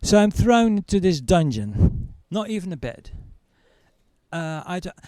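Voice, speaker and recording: A man doing stand-up comedy, telling a story with animated, stammering, self-mocking delivery before a live audience. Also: high-pitched, unhurried, no room sound.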